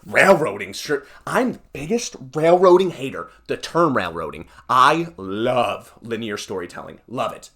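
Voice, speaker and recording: A man's voice: medium pitch, very animated, a little slow, few pauses, fairly bright tone. A young man hosting a solo podcast, ranting in a heated, exasperated way with sarcastic asides. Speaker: podcast host.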